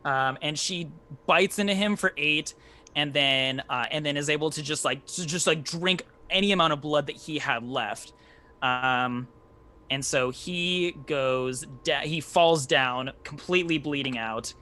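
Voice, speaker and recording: A man narrating as game master of a live tabletop game, animated and swearing freely, with many restarts. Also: on the high side, normal speed.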